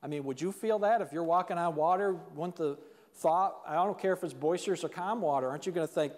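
A pastor with a fairly high, slightly mellow voice preaches in a church sanctuary, speaking a little fast with a big-room sound. His preaching is conversational and plain-spoken, and he acts out quotes from the people in his story.

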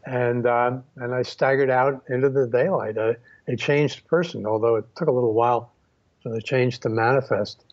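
Male interview guest, mid-pitched, reflective storyteller with lots of fillers; dull lo-fi sound. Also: fairly even intonation. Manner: unhurried, many fillers and restarts. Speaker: photographer guest.

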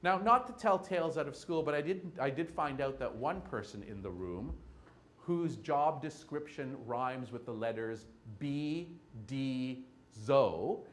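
A man giving a keynote lecture, telling stories and acting out quick scenes between people. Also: medium pitch, a little hiss or hum. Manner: animated, acts out little scenes with quoted voices. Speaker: keynote speaker. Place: lecture hall with audience.

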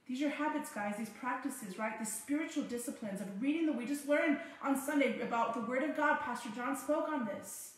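A woman's voice: sits high, normal speed, hardly any pauses. A woman pastor leading an online Bible study, speaking from the heart, telling personal stories and speaking straight to her listeners. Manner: heartfelt, personal storytelling, addresses listeners directly. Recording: very echoey room.

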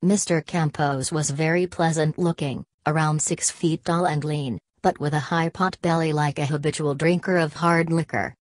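A woman with a low voice reads a first-person story aloud in a steady, even way. The recording is dry and close, with no room sound. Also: moderate pace, hardly any pauses, no room sound. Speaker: audiobook narrator. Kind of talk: scripted first-person narration.

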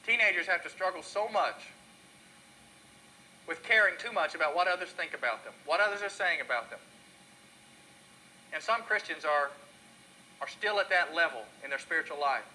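A man's voice: on the high side, expressive, moderate pace, pauses often, bright, forceful tone, slight background noise, rough recording. A male pastor preaching a sermon in an earnest, storytelling delivery.

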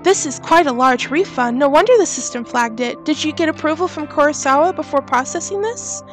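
A woman's voice: sits high, fairly quick, soft background music, natural voice. A woman voicing a stern male store manager in a horror game, speaking formally and with authority.

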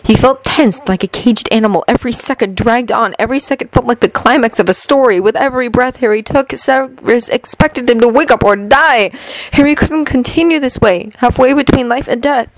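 A woman reading a fanfiction story aloud in steady, earnest storytelling. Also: a little high, brisk, no room sound, rough recording. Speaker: fanfiction reader.

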